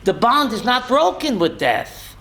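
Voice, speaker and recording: In a very high, sing-song voice with a sharp tone, a rabbi speaks a little slowly while teaching Torah. He quizzes his audience by name, tells stories emotionally, and blends in Yiddish and Hebrew vocabulary.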